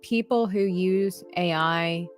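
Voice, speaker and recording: A woman's voice: on the low side, takes it slowly. A woman hosting a live drawing stream, talking earnestly in a rambling, casual way with frequent restarts while reading chat comments aloud. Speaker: livestream artist host. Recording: faint background music.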